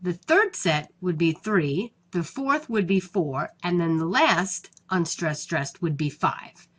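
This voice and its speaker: Patient, unhurried woman teaching poetry. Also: fairly low pitch, expressive, a bit bright, breathy edge. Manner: patient, explains step by step. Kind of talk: classroom lecture on poetry.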